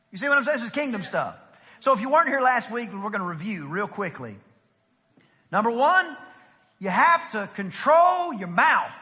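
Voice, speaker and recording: This is a middle-aged man preaching in a church sanctuary. His voice sits very high and rings bright and forceful. He keeps checking in with the congregation and acts out little voices, and a long hall reverb trails every phrase. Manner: animated preaching with rhetorical questions and acted-out voices. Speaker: pastor. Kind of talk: sermon.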